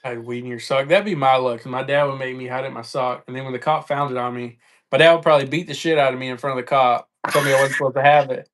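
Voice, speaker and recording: A man at an average pitch joins a casual live stream. He chips in with short stories of his own between the host's tales. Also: steady tone, fast talker, a bit bright. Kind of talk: casual chat.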